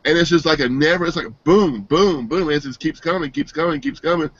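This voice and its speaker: A man giving an earnest, emotional personal testimonial, halting and restarting as he speaks. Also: on the high side. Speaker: team member giving a testimonial. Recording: dull, dry lo-fi sound.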